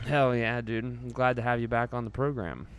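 A man's voice: medium pitch, steady tone, normal speed, noisy background. A male podcast host in casual, profane chat who laughs often. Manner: crude, laughs often, swears freely.

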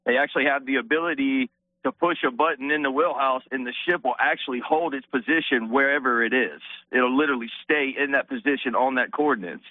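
A man's voice: mid-range voice, brisk, dry recording. A man calling in to a radio show, a little out of breath, explaining things earnestly and politely. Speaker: caller. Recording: tinny phone line.

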